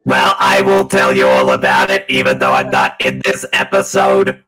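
Derek, a booming nerdy Dalek. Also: male voice, completely flat delivery, normal speed, poor audio. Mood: shouting. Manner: shouted, clipped robotic delivery. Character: nerdy bullied male Dalek robot. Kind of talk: comic podcast impression.

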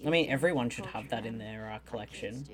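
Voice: medium pitch, fast. A podcast co-host in casual movie chat, dry and sarcastic.

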